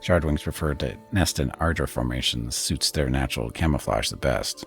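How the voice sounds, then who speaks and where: Brief: a man reading a quirky, self-assured little Orlan chanter for a fantasy game, very deep and gravelly, swinging up and down. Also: moderate pace, a bit bright, faint music behind, full character voice. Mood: eager. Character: small eccentric male Orlan singer, cheerful and self-assured.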